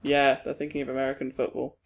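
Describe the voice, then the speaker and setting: A young British man co-hosting a podcast in casual chat, lively and laughing often. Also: fast talker, vocal fry. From Britain. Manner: lively, laughing, mimics others in high voices. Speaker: podcast co-host.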